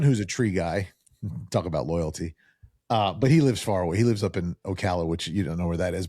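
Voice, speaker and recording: A middle-aged man in a casual podcast chat, an animated storyteller who acts out quoted dialogue. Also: sits low, dry recording, studio quality.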